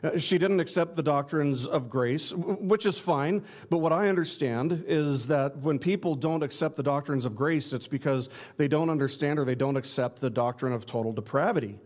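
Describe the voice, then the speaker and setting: A man's voice: a little high, moderate pace, few pauses, a little mellow. A man preaching a sermon, earnest and direct, often restarting words with small stammers as he presses his points. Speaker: pastor.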